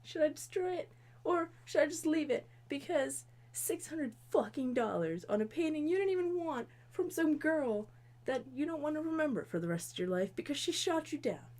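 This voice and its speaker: A young woman in her twenties tells a movie plot as a rambling, tipsy comedy bit. Her voice sits a little high, and she swears freely as she keeps stopping to complain in mock outrage. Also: lively intonation, moderate pace, darkish tone. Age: 20s. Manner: rambling, profane, exasperated storytelling. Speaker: comedy video host.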